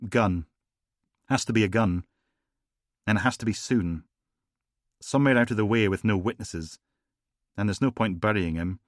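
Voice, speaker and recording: A man reading a weary, gruff detective. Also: fairly low pitch, normal speed, pauses often, no room sound, studio quality, close to an everyday voice. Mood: grim. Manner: exasperated, blunt. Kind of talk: audiobook reading.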